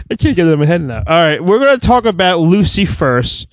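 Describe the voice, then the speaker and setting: Animated, laughing male podcast co-host. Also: sits high, moderate pace, no room sound. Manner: animated storyteller who laughs often. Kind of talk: casual chat. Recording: dull lo-fi mic.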